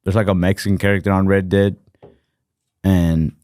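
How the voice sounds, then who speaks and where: A man with a lowish voice chats loosely as a podcast co-host, hedging and circling back with fillers. He swears casually and trails off often. The sound is dry and close. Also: little pitch movement, moderate pace, darkish tone, clear, resonant tone, no room sound. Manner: rambling, profane, hesitant with many fillers.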